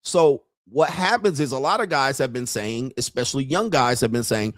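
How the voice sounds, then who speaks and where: A man hosting a commentary channel, telling jokey stories in a loud, profane, animated way. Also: medium pitch, normal speed, few pauses, dry recording, studio quality. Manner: profane, joking, animated storytelling. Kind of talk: casual commentary.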